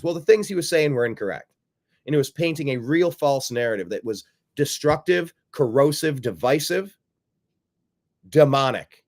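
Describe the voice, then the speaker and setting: A man's voice: medium pitch, lively intonation, normal speed. A man hosting a political commentary show, combative and sarcastic, repeating phrases for emphasis. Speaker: host.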